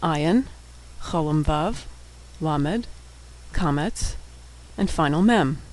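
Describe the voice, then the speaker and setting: A man from the United States, teaching an alphabet lesson in scripted narration and slowly sounding out letters, vowels and syllables. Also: fairly high pitch, lively intonation, poor audio.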